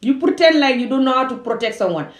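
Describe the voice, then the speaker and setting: A woman's voice: high voice, expressive, quick pace. A woman from Gambia ranting heatedly and emphatically in a self-filmed commentary video. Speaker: vlogger.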